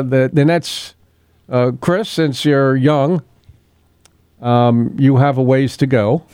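Rambling, chuckling middle-aged radio host. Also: male voice, medium pitch, slow, darkish tone, clean tone, dry recording, clean studio sound. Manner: rambling, chuckles often, loses his place. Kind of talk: casual morning radio talk. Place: radio studio.

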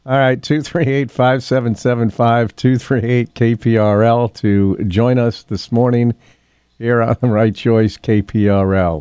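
An older man hosting a local radio talk show, rambling in a folksy way with ums and frequent throat clearing. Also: medium pitch, mellow, no room sound, clean studio sound. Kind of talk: casual talk radio monologue. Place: radio studio.

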